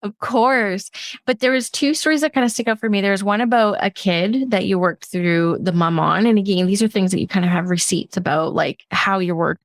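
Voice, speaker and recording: A woman's voice: mid-range voice, a little fast, no echo, clean studio sound. A woman hosting a podcast, chatting casually with her guest, laughing often and swearing lightly. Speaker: podcast host. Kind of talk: casual interview chat.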